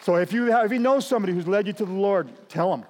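A middle-aged male pastor delivers a sermon in a slightly higher voice, casual and conversational. He leaps into loud, emphatic bursts, then sinks to near-quiet asides. His voice rings with the long reverb of a large hall. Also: rapid-fire. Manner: conversational preaching with sudden loud emphatic bursts and soft drops.

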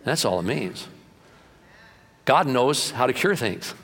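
A man's voice: mid-range voice, very animated, slow, vocal fry, a bit bright, breathy edge. A male pastor giving a sermon in an emphatic, conversational way, often repeating himself, with long hall reverb.

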